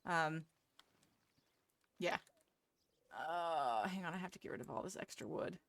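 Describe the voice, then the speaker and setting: A woman's voice: deep voice, lively intonation, a little slow, a bit bright, no room sound. A woman streamer chatting casually with her viewers, self-deprecating and laughing often. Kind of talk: casual live-stream chat.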